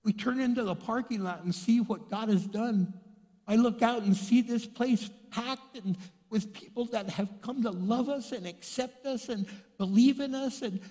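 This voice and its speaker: A middle-aged male pastor from Texas preaching a sermon to a packed church, swinging from hushed asides to fired-up shouting. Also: extremely high pitch, moderate pace, big-room sound.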